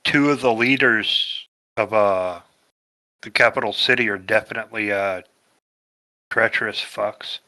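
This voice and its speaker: A man's voice: fairly low pitch, measured pace, long pauses, sharp tone, rough recording. A man playing in a tabletop game, making blunt, dry remarks in casual chat. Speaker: player.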